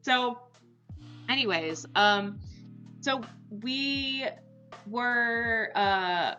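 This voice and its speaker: Woman streamer, casual rambling chat, bright voice, muffled stream audio with faint music. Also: on the high side, expressive, extremely slow. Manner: chatty, rambling, many "like" fillers; talks to her dog and chat viewers. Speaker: livestream host.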